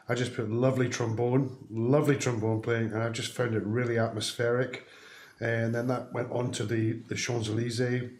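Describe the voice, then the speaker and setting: A man's voice: medium pitch, roomy sound. A man commenting on a band performance in an appreciative way.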